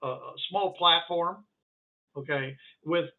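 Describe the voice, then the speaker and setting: Halting game master on a tinny line. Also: male voice, fairly high pitch. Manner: halting, many fillers and restarts. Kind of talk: narrating a tabletop game. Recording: phone-like narrow band.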